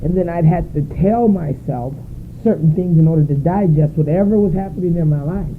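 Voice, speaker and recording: A woman sharing her story at a recovery meeting, emotional and searching, often halting. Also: fairly low pitch. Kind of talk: personal share at a meeting. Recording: tinny phone-like recording with faint noise.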